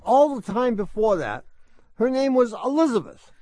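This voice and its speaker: High-voiced wisecracking man on radio. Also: sing-song, normal speed, warm tone, no echo. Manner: wisecracking, teasing. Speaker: radio co-host. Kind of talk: comic radio banter. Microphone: studio mic.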